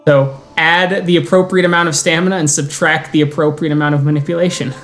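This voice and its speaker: Storyteller for a tabletop game: a man, mid-pitched, unhurried descriptive narration between brisk rules calls, faint music behind. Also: fairly even intonation, a bit bright.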